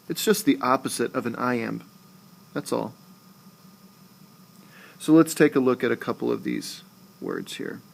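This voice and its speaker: A man teaching a recorded lesson, talking slowly and deliberately and saying example words aloud more than once. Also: mid-range voice, gravelly. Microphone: screencast voice-over.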